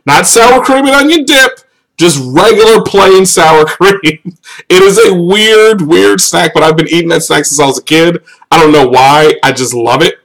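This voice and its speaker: A young American man casually answering viewer questions on a live stream, joking, laughing often and jumping to high exclamations. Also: moderate pace, vocal fry, poor audio.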